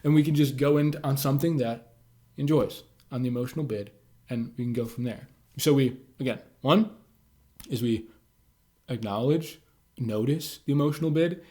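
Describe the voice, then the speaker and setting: Man, mid pitch, laid-back explainer who leans on "like" and "uh" and talks to camera. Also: normal speed, pauses often, dark tone. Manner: loose and conversational, many "like" and "uh" fillers. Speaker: communication tips creator. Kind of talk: casual instructional talk to camera.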